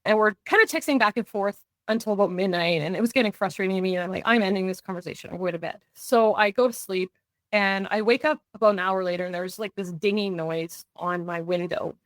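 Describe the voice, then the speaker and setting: A middle-aged woman, a podcast guest, earnestly recounts a personal story that keeps slipping into quoted dialogue, and she restarts and uses fillers when things get tense. Her medium-pitched voice is fairly quick and a bit bright, on a dry recording.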